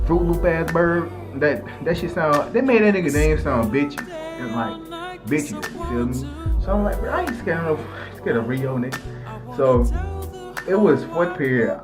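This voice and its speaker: A young man rambling through a slangy, profane story, full of restarts and asides to his viewers. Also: on the high side. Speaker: storytelling vlogger.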